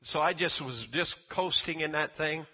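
An older male preacher with a husky, slightly high voice, speaking in a folksy, stumbling sermon style that often jumps up in pitch when he acts out quotes. The recording sounds dull and lo-fi. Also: normal speed. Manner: folksy, repeats words, rises to high excited quotes. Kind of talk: sermon with personal testimony.

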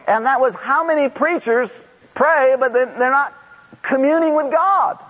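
A middle-aged man giving an impassioned sermon as a guest preacher in a church, at times rising to shouts. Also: very high voice, a little slow, slightly rough. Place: church sanctuary. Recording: dull lo-fi sound in a reverberant hall.

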